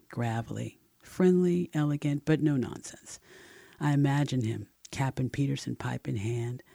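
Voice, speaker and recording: A man narrating a first-person memoir in an expressive audiobook reading, close to the mic. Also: mid-range voice, creaky, dry recording.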